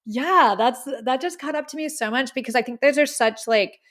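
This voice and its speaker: A woman's voice: high voice, moderate pace, a bit bright. A woman hosting a casual music review podcast, talking in an effusive, heartfelt way and often saying "like.". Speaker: podcast host.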